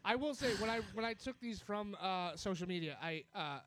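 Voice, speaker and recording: A man on a podcast reading out listener questions in a halting, hesitant way. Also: sits high, expressive, fairly bright tone, dry recording, studio quality. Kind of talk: casual chat.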